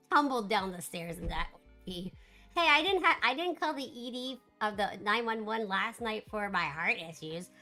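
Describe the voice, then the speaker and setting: Bright, chatty woman streamer. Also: mid-range voice. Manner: chatty, animated, with frequent laughs. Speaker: live streamer. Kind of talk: casual live-stream chat with viewers.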